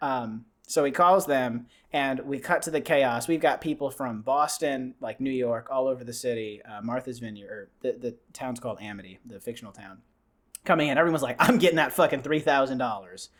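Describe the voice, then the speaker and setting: A young man hosting a podcast rambles casually through a movie recap, acting out the characters' lines. His voice is medium-pitched and his pace moderate.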